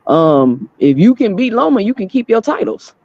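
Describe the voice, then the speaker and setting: A man calling in to a boxing talk show over a bad connection, talking quickly. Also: high voice, sing-song, dull audio, over a noisy crowd. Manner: quick, hurried. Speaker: caller. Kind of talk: casual chat. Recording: breaking-up online call audio.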